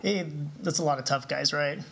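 A man's voice: a little high, a little fast, vocal fry, bright, forceful tone. A man hosting a podcast, reacting to his guest with short, enthusiastic interjections. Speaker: podcast host. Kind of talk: casual podcast conversation. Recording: faint background noise.

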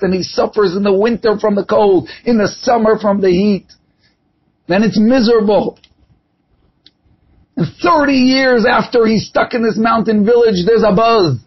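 Male preacher, very high and husky voice, impassioned storyteller, muffled lo-fi recording. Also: moderate pace. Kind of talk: sermon with parable.

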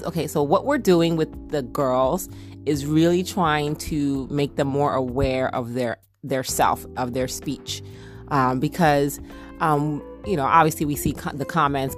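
Casting: low-pitched mom vlogger, slight Jersey twang, chatty, soft music bed. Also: female voice. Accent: slight New Jersey. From New Jersey, US. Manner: chatty, quick, with fillers. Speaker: family vlogger, mother. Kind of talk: casual chat.

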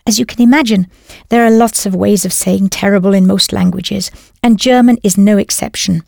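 A woman's voice: mid-range voice, fairly even intonation, normal speed, vocal fry, a little mellow, no room sound, studio quality. A woman narrating a scripted audio language lesson, patiently prompting the learner and then confirming each answer. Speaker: language teacher.

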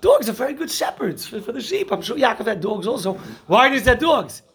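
A man's voice: very high-pitched, brisk, breathy edge. A man teaching a Torah class, telling jokes and stories and mixing Hebrew and Yiddish terms into his English. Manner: animated storyteller who laughs at his own jokes.

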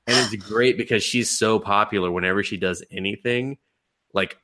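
A man's voice: lowish voice, moderate pace, pushed and bright. A man hosting a podcast, casually and animatedly recapping an anime, laughing and acting out the characters' lines. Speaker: podcast host.

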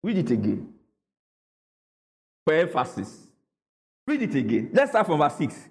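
In a large hall, a pastor delivers a church sermon in call-and-response style, asking the congregation to repeat after him and read aloud. His voice sits on the high side with wildly swooping pitch, and he speaks unhurriedly with a slightly mellow quality.

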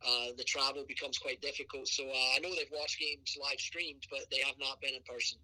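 A man's voice: mid-range voice, level tone, a little fast, bright, forceful tone, rough recording. A middle-aged man from Scotland with a mild Scottish accent, a college soccer coach answering podcast questions in a rambling way full of "you know". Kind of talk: podcast interview.

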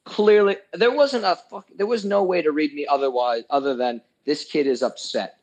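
A man's voice: fairly high pitch, normal speed, darkish tone, poor audio. A young man telling a story in casual chat, ranting heatedly and swearing a lot.

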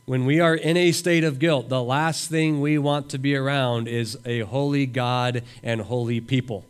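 A man's voice: mid-range voice, steady tone, normal speed, clear, resonant tone. A man preaching a sermon as a pastor at a camp, reading scripture aloud and voicing imagined prayers with earnest emphasis. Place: camp meeting room.

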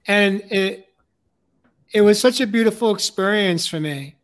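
Older man, high voice, earnest life coach, halting speech. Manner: warm, earnest, halting with fillers. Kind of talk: casual conversation.

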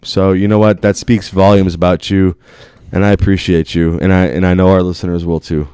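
A man's voice: deep voice, flat delivery, a little fast, warm tone, clear, resonant tone, no room sound. A man co-hosting a casual podcast, effusive and joking with a guest. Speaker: podcast co-host.

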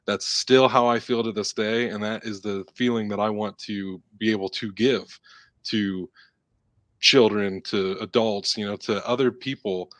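A man's voice: lowish voice, fairly even intonation, measured pace, no room sound. A man co-hosting a podcast, chatting casually and rambling through a story with many fillers. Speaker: podcast co-host. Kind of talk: casual chat.

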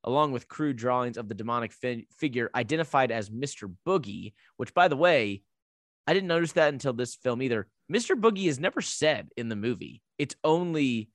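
Man, podcast co-host, casual movie recap, mid-pitched, dry close sound. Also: a little fast, no room sound. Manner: animated storyteller, recapping plot with asides.

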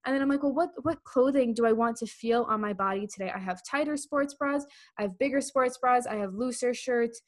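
A woman's voice: a little high, fairly quick. A young woman co-hosting a podcast in casual chat, who keeps acting out quoted inner voices. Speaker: podcast co-host.

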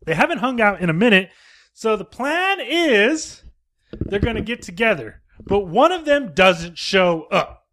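A man hosting a casual podcast from home, retelling a film in a rambling, profane, animated way. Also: high voice, unhurried. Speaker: podcast host.

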